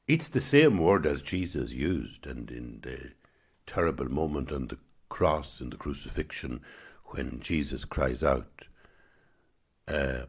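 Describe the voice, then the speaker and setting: Man, podcast host, gentle musing meditative talk, gravelly, husky. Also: rumbling low, a little slow. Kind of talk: reflective spiritual talk.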